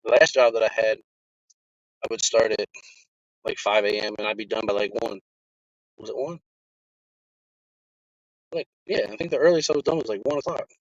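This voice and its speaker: A man vlogging from his car, telling a casual, profane story in an animated way. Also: lowish voice, moderate pace, pauses often, dry recording. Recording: dry, slightly dull sound.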